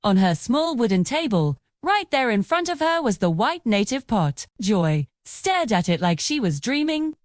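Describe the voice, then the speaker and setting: A woman's voice: on the high side, very animated, a little slow, hardly any pauses, dry recording, studio quality. A woman narrating a folktale in a dramatic, vivid way. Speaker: storyteller.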